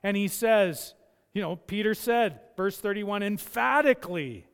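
A man with a high, smooth, resonant voice preaches a sermon in a church. He delivers it with passion and often slips into the voices of the people he quotes. A long hall reverb trails behind every phrase. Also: lively intonation, unhurried. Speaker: pastor.

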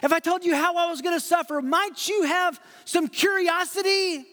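Male pastor, high-pitched, dynamic sermon delivery, church hall reverb. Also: fairly even intonation, normal speed. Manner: dynamic, swings from loud rhetorical questions to hushed asides. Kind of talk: expository sermon.

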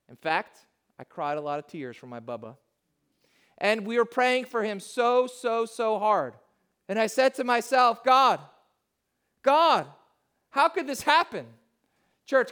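A man with a notably high voice delivers a heartfelt sermon as a pastor. He preaches to the congregation in personal, confessional terms. His delivery sinks almost to a hush, then climbs back to full volume. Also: smooth. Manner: heartfelt, swings from soft to loud.

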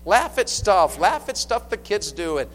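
A man preaching a sermon to his church, animated and swinging between loud and hushed. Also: high voice, unhurried. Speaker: pastor. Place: church sanctuary. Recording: long hall reverb, faint hum.

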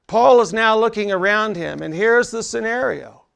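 Pastor, male, high gravelly voice, unhurried and emphatic, chatty church sermon. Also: a bit bright. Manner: emphatic, conversational preaching with asides to the congregation.

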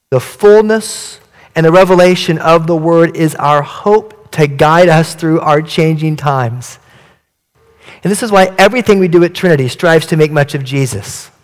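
A male pastor giving an earnest, measured sermon in a church. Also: on the high side, long reverb tail.

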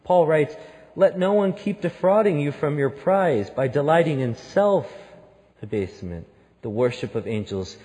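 Male pastor, storytelling sermon, a bit high-pitched, reverberant hall sound. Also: lively intonation, measured pace. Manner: storytelling, building to loud emphatic peaks.

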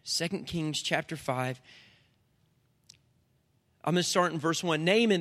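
A man preaching a sermon as pastor, telling Bible stories with lively asides and quick put-on voices for the people in them. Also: high voice. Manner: animated storytelling, jumps into voices and back.

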